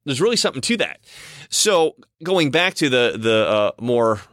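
A man's voice: medium pitch, very animated, normal speed, a bit bright, dry recording, clean studio sound. A man giving a casual, rambling monologue as a commentator, often repeating himself and restarting his sentences.

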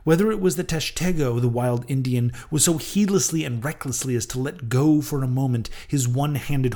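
A man narrating an audiobook of a classic novel in a dramatic, expressive reading. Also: medium pitch.

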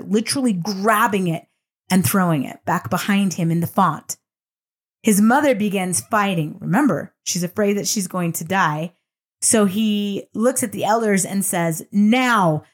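A middle-aged woman giving a devotional talk, telling a story earnestly and slowing down for emphasis. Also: medium pitch. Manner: earnest, expressive storytelling with slow emphatic pauses.

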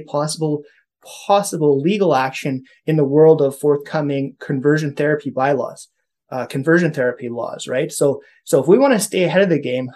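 A Canadian man with a slightly high, darkish voice talks earnestly in a casual podcast chat about faith. He thinks out loud and keeps restarting his sentences.

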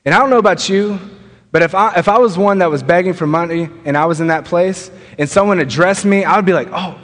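A young man preaching a sermon, telling a personal story and acting out the quoted lines with lively changes of pitch and pace. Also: fast talker. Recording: long reverb of a large hall.

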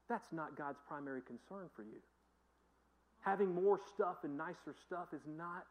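A man's voice: high voice, dull audio. A male pastor preaching a sermon in a conversational, emphatic way with joking asides.

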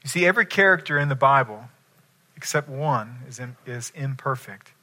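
A man's voice: mid-range voice, animated, normal speed, bright, forceful tone. A man preaching a sermon, emphatic and asking his listeners questions. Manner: emphatic, asks the congregation questions. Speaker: pastor.

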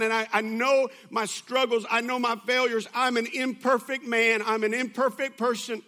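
A male pastor preaching a sermon in a conversational way, moving from hushed, intimate passages to loud, urgent appeals. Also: extremely high pitch. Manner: conversational, with restarts and asides.

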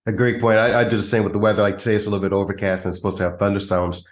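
A man's voice: on the low side, fairly even intonation, rapid-fire. A man hosting a podcast, affirming his guest in friendly, rambling talk. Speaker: podcast host. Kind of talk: casual interview talk. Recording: echoey room.

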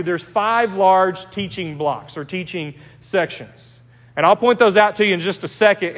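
A man's voice: sits high, fairly bright tone, big-room sound. A man with an East Texas accent preaching a sermon in a church, teaching in a conversational way with personal stories. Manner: conversational, anecdotal preaching with restarts. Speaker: pastor. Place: church sanctuary.

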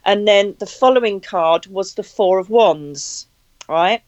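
Animated woman, storytelling guest, dry and close. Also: mid-range voice, takes it slowly, no room sound, highs cut off. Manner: expressive storyteller, acts out quotes, laughs often. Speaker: psychic medium guest. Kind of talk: animated casual chat.

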